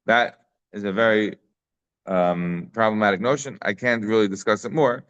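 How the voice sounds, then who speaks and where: A man giving a casual Talmud class, telling the story with animated asides and Hebrew and Aramaic terms mixed into English. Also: on the low side, normal speed, clear, resonant tone. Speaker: Talmud teacher. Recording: slightly dull lo-fi audio.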